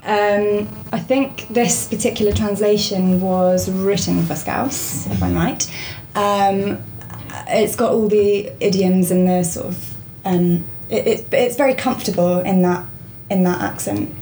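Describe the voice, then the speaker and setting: A woman's voice: mid-range voice, steady tone, measured pace, few pauses, dark tone, a little hiss or hum. A woman actor talking about her play in a casual, easy-going interview. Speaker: stage actor. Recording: roomy echoey recording.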